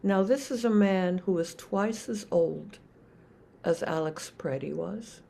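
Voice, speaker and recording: An older woman, a Zen teacher, giving a reflective dharma talk with many pauses and restarts. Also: on the low side, vocal fry, dark tone.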